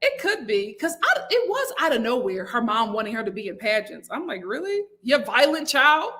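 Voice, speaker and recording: Chatty woman with a high voice. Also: fairly quick. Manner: chatty and animated, jumps to high-pitched exclamations and acted quotes; reads viewer comments aloud. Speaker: host. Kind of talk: live reality-TV review chat. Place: home room, lit by a window.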